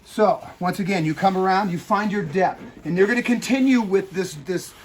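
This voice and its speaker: A man's voice: high-pitched, normal speed, slight background noise. A man teaching boat seat upholstery as a hands-on demonstration, talking the viewer through each step and checking in with "okay?". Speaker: upholstery instructor.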